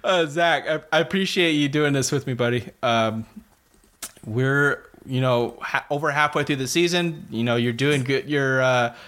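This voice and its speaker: A man's voice: medium pitch, moderate pace. A man hosting a podcast, chatting casually about football picks with plenty of fillers and laughter. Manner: relaxed, laughs often, many fillers. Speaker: podcast host. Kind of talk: casual sports betting chat.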